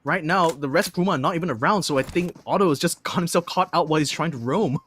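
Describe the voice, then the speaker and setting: A man's voice: a little high, a bit bright, a little hiss or hum. A man giving live color commentary on a mobile esports match, chatty and analytical with frequent "uh"s. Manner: chatty, analytical, fills pauses with "uh". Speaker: esports caster.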